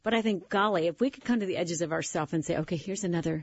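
Husky woman hosting a faith show. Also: lowish voice, fast talker, lo-fi sound. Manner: earnest storytelling. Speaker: host. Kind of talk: faith talk show conversation.

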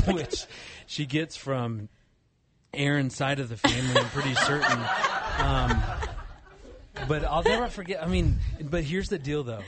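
A man's voice: medium pitch, expressive, a little slow, a bit bright, slight background noise. A man telling a family story and talking about love on a talk show, often laughing as he speaks. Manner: laughs while telling stories. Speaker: guest author. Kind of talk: casual storytelling chat.

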